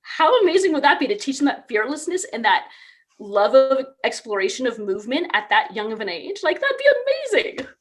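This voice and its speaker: A woman's voice: on the high side, big pitch swings, a little fast, a bit bright. A woman in her thirties from California, chatting as a podcast guest about her teaching career, upbeat and full of "like". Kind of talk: casual interview conversation.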